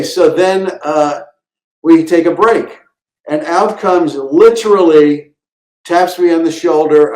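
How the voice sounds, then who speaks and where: A man's voice: fairly high pitch, darkish tone, reverberant, poor audio. A man, a comedian guest, telling casual stories and acting out quotes and sound effects. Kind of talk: casual storytelling.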